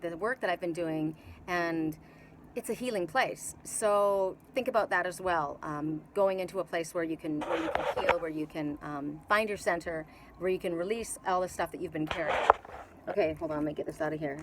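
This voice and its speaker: A woman's voice: on the low side, normal speed. Canadian woman, middle-aged, tarot reader, casual rambling talk, restarts and fillers, outdoor patio, faint background noise. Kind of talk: casual spiritual reading.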